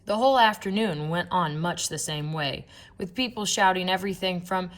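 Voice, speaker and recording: A woman narrating a children's book in a playful, expressive storytelling manner. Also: lowish voice, normal speed. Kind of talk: children's audiobook reading.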